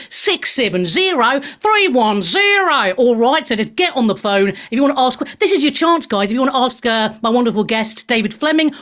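Brief: female radio host, higher-pitched, mocking and irreverent. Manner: sarcastic, swears, laughs at the news. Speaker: radio talk show host. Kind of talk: irreverent opinionated radio chat.

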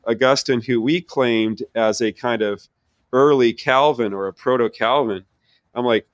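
A middle-aged man, a theology professor, telling his personal faith story in an earnest, animated way with many restarts. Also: medium pitch, unhurried, no room sound. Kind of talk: conversational personal testimony.

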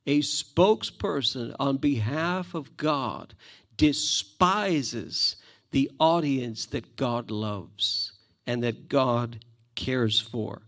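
A man's voice: mid-range voice, slow pace, creaky. A man preaching a sermon, emphatic and repeating phrases for stress.

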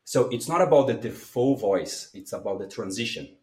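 Animated man in a roomy space. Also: on the low side, normal speed. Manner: lively, demonstrates voice changes, non-native phrasing. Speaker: guest speaker and coach. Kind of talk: animated interview talk. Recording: roomy echo.

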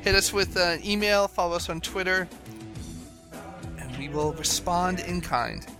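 Over background music, a man with a high voice speaks at a measured pace as he hosts a podcast. He keeps the conversation casual and chatty, reading web pages aloud and laughing often.

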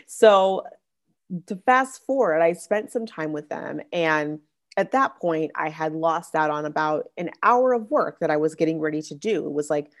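Young woman host, relaxed talky delivery with filler-heavy restarts, voice sitting slightly low. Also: moderate pace. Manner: chatty, many "like" fillers and restarts. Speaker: podcast host. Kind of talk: casual faith-based parenting monologue.

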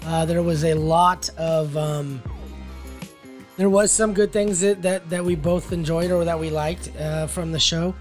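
A man with a notably high voice rambles through a film review, leaning on like and um as he gathers his thoughts. Faint music hums in the background. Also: fairly even intonation, unhurried. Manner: rambling, full of likes and ums. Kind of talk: casual chat.

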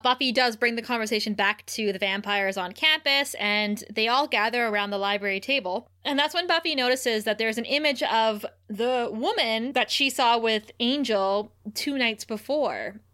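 A young woman co-hosts a casual podcast, retelling scenes with frequent laughter. Her voice is bright and sits a little high. She slips into livelier, higher tones when she acts out what characters say. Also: moderate pace, few pauses. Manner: laughs often, acts out quotes with raised pitch. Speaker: podcast co-host. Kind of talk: casual recap chat.

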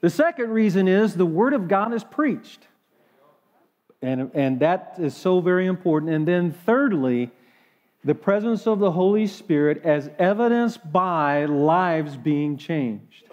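A man's voice: high voice, lively intonation, a little slow, a little mellow, long reverb tail. A man preaching a sermon in a church, folksy and full of hesitant fillers. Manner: folksy, with frequent fillers and restarts. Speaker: guest preacher.

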